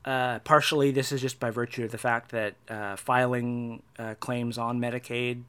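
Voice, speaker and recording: A young man in a casual personal monologue, halting with many restarts and fillers, and a wry, dark humor. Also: mid-range voice, little pitch movement, smooth. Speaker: vlogger.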